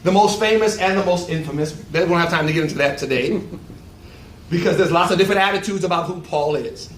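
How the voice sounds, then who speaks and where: Animated preacher man in an echoey hall. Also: sits high, a little fast, a little hiss or hum. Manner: animated, rhetorical call-and-response preaching. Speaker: pastor. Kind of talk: sermon at a luncheon. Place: event hall. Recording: echoey room, voice from far off.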